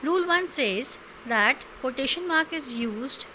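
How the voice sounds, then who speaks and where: A bright, somewhat high voice from an Indian English woman teaching a grammar class. She explains each rule slowly and keeps checking with her students. A faint hiss sits under the recording. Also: lively intonation, rough recording. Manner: slow, explanatory, repeats and quizzes with "understood?".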